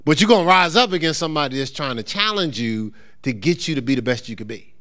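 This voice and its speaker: A middle-aged pastor, preaching in a church in a loose, conversational way. His fairly high voice swings up and down as he slips into the voices of the people he describes. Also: animated, quick pace, fairly bright tone. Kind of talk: sermon.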